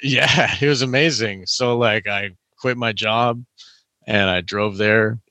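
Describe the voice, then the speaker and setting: A young man tells a winding personal story in a loose, rambling way, leaning on fillers as he goes. His voice is bright and pushed forward, a little lower than most men. The sound is dry and close. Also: slow pace, no room sound. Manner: rambling, heavy use of "like" and "you know". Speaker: guest telling a story. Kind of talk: casual storytelling chat.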